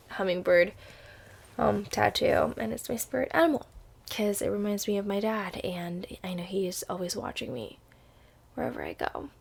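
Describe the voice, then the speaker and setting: Chatty young woman with a gravelly edge. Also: medium pitch. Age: 20s. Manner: chatty and upbeat, with frequent restarts. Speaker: vlogger. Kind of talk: casual vlog monologue.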